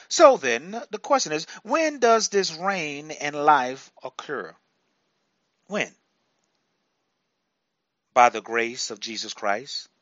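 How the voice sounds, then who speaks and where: A male preacher delivering a sermon, repeating phrases for emphasis and breaking into sudden loud bursts. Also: medium pitch, no echo, dull audio.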